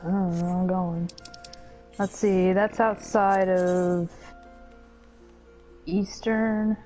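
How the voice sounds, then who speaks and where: A woman's voice: fairly low pitch, little pitch movement, slow pace, dark tone, faint music behind, low-quality recording. Chatty woman playing a game. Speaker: let's play co-host. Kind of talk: casual gameplay chat.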